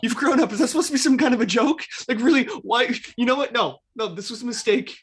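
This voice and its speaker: A man's voice: sits high, expressive, slow pace, fairly bright tone, full character voice. A man playing a hurt, bitter ex-boyfriend who sulks and flares into indignant outbursts, over a video call.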